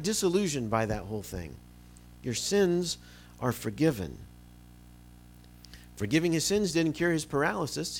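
A man preaching a sermon, moving between loud emphasis and quiet, low asides as he retells a Bible story. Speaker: pastor.

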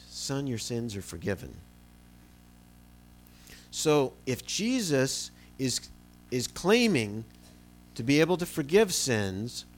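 A man preaching a sermon, moving between loud emphasis and quiet, low asides as he retells a Bible story. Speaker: pastor.

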